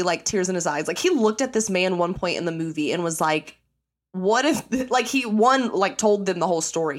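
A young woman hosting a podcast, talking casually and profanely, acting out quotes with sudden jumps in her voice. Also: on the low side. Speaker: podcast host. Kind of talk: casual chat.

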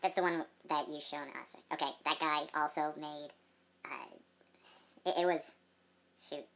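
A woman in casual chat, playfully chiming in with quick asides. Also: deep voice, steady tone, a bit bright.

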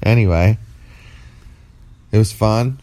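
A man with a very deep voice co-hosts a casual late-night podcast. He sounds tired and rambles playfully, teasing his co-host. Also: slow, dark tone.

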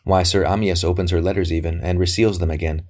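A man's voice: low-pitched, steady tone, quick pace, a little mellow. A man reading aloud voices an old, secretive physician who speaks tersely and suspiciously. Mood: scornful. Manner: terse, suspicious, flaring into scorn. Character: old wary male physician, fierce and secretive. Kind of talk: audiobook character reading.

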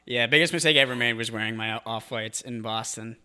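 Easygoing young male co-host, halting delivery, trails off mid-thought. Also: medium pitch, pushed and bright, smooth. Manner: laid-back, halting, trails off. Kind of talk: casual comedic banter.

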